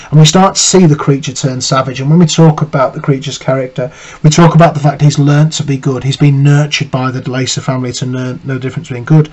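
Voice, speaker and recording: A man's voice: mid-range voice, fairly even intonation, fast, a little mellow, lo-fi sound. A male teacher giving a literature lesson, reading quotes aloud and analysing them, with frequent fillers and restarts. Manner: thoughtful, frequent "you know" fillers and restarts.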